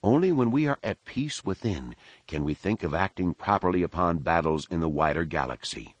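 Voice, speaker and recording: A man's voice: deep voice, animated, normal speed, no echo, lo-fi sound. Man voicing Jason, earnest teenage Jedi boy. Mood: calm. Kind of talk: audiobook character voice.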